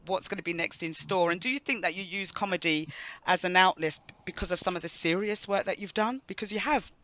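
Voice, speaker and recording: A woman's voice: on the low side, fairly quick, fairly bright tone, no echo. A woman co-hosting a radio show with a South London accent, asking long rambling questions. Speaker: radio co-host. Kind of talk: casual radio chat.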